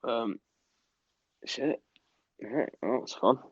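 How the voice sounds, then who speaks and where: A man co-hosting a casual podcast, excitable, swearing and laughing often. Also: medium pitch, slow, breathy edge, no room sound. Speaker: podcast co-host. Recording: dull lo-fi dry mic.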